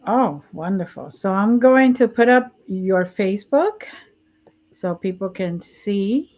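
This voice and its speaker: A woman hosting a casual interview, warmly encouraging her guest with frequent affirmations. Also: mid-range voice, animated, slow, muffled recording. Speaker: talk show host.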